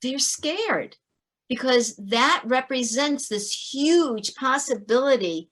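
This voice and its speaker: A middle-aged woman, a former teacher, telling stories as a guest in a podcast interview, earnest and animated, often restarting her sentences. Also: fairly high pitch, slow.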